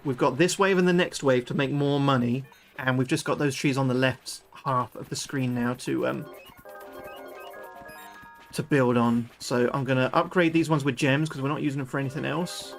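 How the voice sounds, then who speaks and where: Gravelly British streamer, swearing freely. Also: male voice, fairly high pitch, moderate pace, soft background music. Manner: chatty, excitable, swears freely. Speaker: livestreamer. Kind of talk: live gameplay commentary chatting with viewers.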